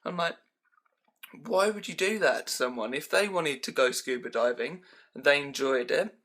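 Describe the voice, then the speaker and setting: A young man rambles casually through a list of pet peeves for his vlog, filling it with lots of "um" and "like." His voice is a little high and a bit bright, at a normal speed, and it's recorded on a handheld camera at home.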